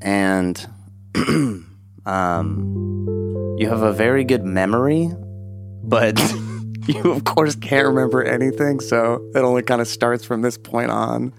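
Slow, low-voiced man who rambles through an improvised comic bit, full of fillers, with loud guitar behind. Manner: rambling, halting, full of fillers and throat clearing. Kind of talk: improvised comedic storytelling. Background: guitar music.

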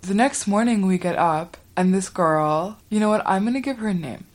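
A woman's voice: medium pitch, normal speed. Chatty young woman telling a story. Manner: chatty, profane, wry. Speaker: podcast host. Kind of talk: casual storytelling.

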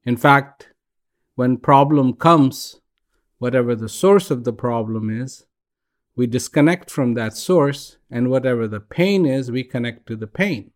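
A man giving a reflective spiritual talk on a regular broadcast, speaking gently in short halting phrases with pauses. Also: medium pitch.

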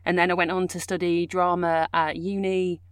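A young adult woman with a slightly low voice recorded close and dry. She chats casually as a guest, spinning her story with plenty of fillers. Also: moderate pace, clean tone, dry recording. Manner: chatty, animated storytelling with fillers. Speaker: guest, audiobook narrator and actor. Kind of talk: casual chat.

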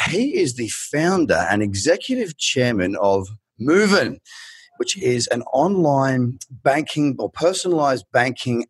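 A man's voice: mid-range voice, fairly bright tone, slightly rough, no room sound. An Australian man hosting a podcast, chatty and talking straight to his audience. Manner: chatty, addresses the audience directly. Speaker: podcast host. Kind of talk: podcast interview.

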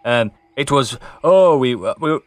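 A man's voice: mid-range voice, expressive, takes it slowly, no room sound. A man playing a tabletop game, jokey and playing along in character. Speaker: player. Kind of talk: playful tabletop role-play.

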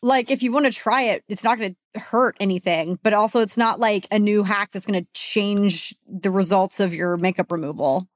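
A woman co-hosting a beauty podcast as a beauty editor, chatting casually in an animated way. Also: mid-range voice, normal speed, hardly any pauses, dry recording, studio quality. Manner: chatty and animated, mimics others with exaggerated voices.

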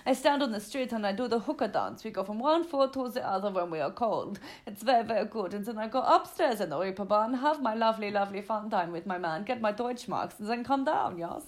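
A woman putting on a brash, cheery woman's voice with a mock German accent, loud, slow and sing-song. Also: mid-range voice, animated, close to an everyday voice. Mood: cheerful.

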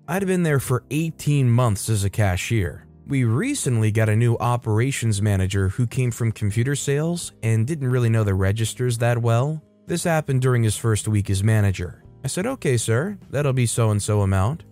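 A man reading internet stories aloud as a narrator, in a brisk storytelling delivery. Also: medium pitch, expressive, a little mellow, soft background music.

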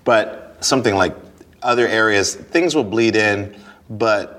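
A man's voice: fairly low pitch, unhurried, fairly bright tone. A man talking casually as an interview guest, rambling and restarting sentences, often breaking into laughter. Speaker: guest, stage performer.

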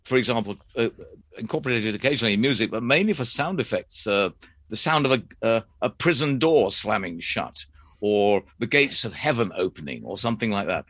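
Old guy, 80s, relaxed storyteller, dry sound, lots of uhs. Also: on the low side, no room sound. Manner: measured, hesitant with frequent uhs. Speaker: interviewee, former announcer. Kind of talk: relaxed anecdotal chat.

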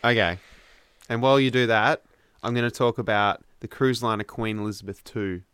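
A man co-hosts a podcast, wryly reading trivia facts aloud during casual chat. His voice is on the low side and fairly bright, clear and resonant, with fairly even intonation at a moderate pace. It was captured on a studio microphone, sounding dry and clean.

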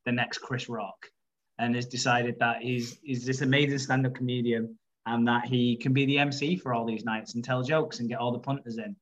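A man chatting casually as co-host of a show about a soap. He retells the plots in a rambling, amused way, breaking into laughs and quick character voices. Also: mid-range voice, flat delivery, dull audio. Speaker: podcast co-host. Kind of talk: casual chat recapping a soap.

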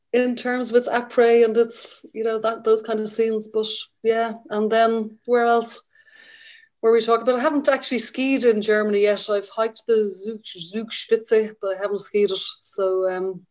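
A woman's voice: fairly high pitch, a little mellow. A middle-aged woman from Ireland, a ski journalist, talking chattily and with enthusiasm in a casual interview.

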